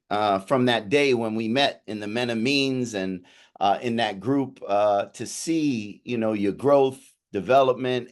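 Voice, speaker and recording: A male coach joining a podcast over a video call. He talks earnestly and with gratitude, leaning on fillers like "you know" and "uh". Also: mid-range voice. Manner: earnest, appreciative, many fillers. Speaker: coach and mentor, podcast guest. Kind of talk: casual conversation on a video call.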